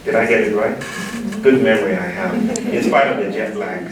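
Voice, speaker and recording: A Nigerian man with a lowish voice gives a playful keynote talk a little fast, pulling the audience into call-and-response. The public talk takes place in a large room with an audience, recorded on a distant mic in an echoey hall with heavy background noise.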